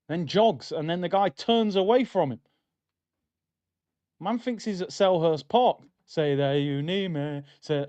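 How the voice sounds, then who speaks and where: A man's voice: high-pitched, a little mellow, highs cut off. A young man hosting a live football watchalong, talking in slangy, exasperated banter about the match.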